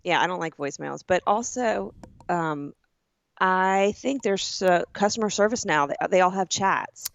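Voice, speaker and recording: A woman from the southern United States co-hosting a casual podcast chat, telling stories with lively acted-out quotes. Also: lowish voice, unhurried, vocal fry, no echo, highs cut off. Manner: animated storyteller who acts out quoted people. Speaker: podcast co-host.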